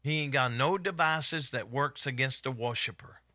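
In a clean, dry studio recording, a middle-aged man from East Kentucky preaches a fervent Bible study, hollering with excitement. His Appalachian accent comes through at medium pitch and normal speed.

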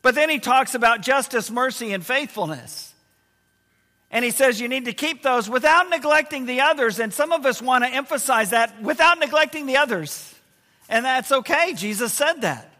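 A man preaching a sermon as pastor, slowing down to stress key words and letting his voice fall low and quiet at times. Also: expressive. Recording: long hall reverb.

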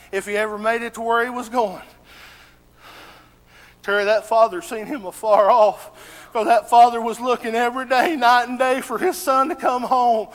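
A man pastor preaching a sermon, building into impassioned shouts and using folksy rural grammar. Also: high-pitched. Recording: long reverb of a church hall.

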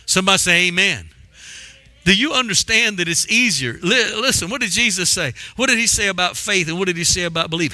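A man's voice: high-pitched, lively intonation, brisk, pushed and bright, no echo. A man preaching a sermon in an emphatic, repetitive style, calling on the congregation to answer back.

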